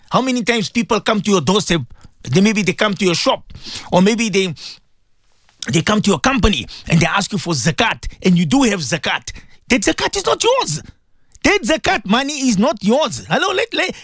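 A South African man delivers an impassioned radio sermon in a high voice that swoops up and down. He presses his points again and again, exhorting his listeners directly. The sound is close and dry. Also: vocal fry, a bit bright, no room sound. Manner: fervent, repetitive, exhorting. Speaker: religious radio presenter.

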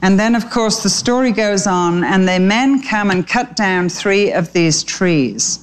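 A woman's voice: medium pitch, unhurried, clean tone. A woman preaching by telling a story and appealing directly to her listeners. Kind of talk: storytelling sermon.

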